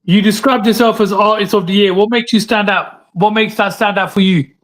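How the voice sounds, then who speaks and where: A man's voice: sits high, fairly even intonation, fairly quick. A man hosting an interview, asking questions and giving brief affirming replies. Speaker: interview host.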